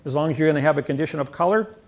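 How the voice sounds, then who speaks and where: A man lectures a small seminar group in a room, his voice a little high and rough with gravel. He rambles and boasts, dropping chuckling asides as he explains his points. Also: very fast.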